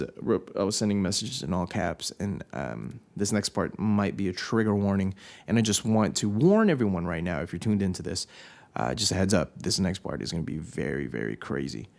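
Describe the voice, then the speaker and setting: A man's voice: sits low, vocal fry, a little mellow. A young man hosting a podcast, telling a personal story in a candid, confessional way, swearing often and breaking off his own sentences. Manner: candid, profane, confessional, with self-interruptions. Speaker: podcast host.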